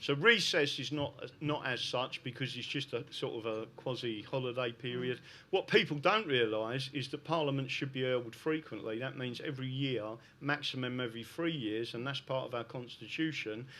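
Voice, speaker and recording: A man's voice: medium pitch, moderate pace, few pauses, pushed and bright, a little hiss or hum. A man with a South London accent talking emphatically to a live audience, often tagging his points with "right?". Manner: emphatic, keeps adding "right?". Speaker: guest speaker. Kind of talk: live podcast talk to an audience.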